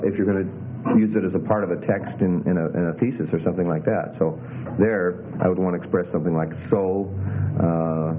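A man teaching a classroom lesson on Greek grammar, relaxed and hesitant, with many fillers. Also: deep voice. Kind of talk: classroom lecture. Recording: tinny lo-fi with faint hiss.

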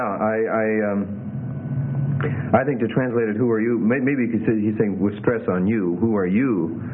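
A man teaching a classroom lesson on Greek grammar, relaxed and hesitant, with many fillers. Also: fairly low pitch. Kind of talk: classroom lecture. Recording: tinny lo-fi with faint hiss.

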